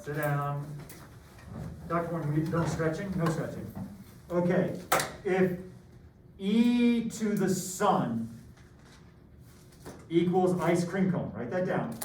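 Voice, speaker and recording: A man's voice: fairly high pitch, animated, takes it slowly, pauses often, a little mellow. A middle-aged man teaching a math class, joking and rambling through stories. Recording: echoey room from far off, faint noise.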